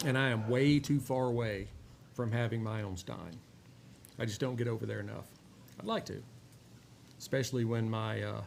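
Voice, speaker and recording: A man from Texas with a drawl, hosting a cigar review show and chatting in a rambling, relaxed way with many filler words. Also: medium pitch, gravelly. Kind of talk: casual chat while smoking a cigar. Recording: faint background noise.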